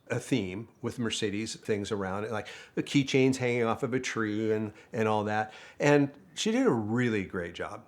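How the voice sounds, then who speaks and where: An older man, a former dealership manager, telling a casual story in a chatty way and acting out other people's lines. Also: medium pitch. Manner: chatty, quotes others in lively voices, laughs often. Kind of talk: casual anecdote.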